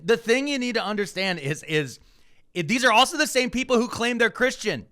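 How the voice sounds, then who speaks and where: A man's voice: extremely high pitch, expressive, a little fast, pushed and bright. A man co-hosting a podcast, ranting with profanity in casual news commentary. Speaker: podcast co-host.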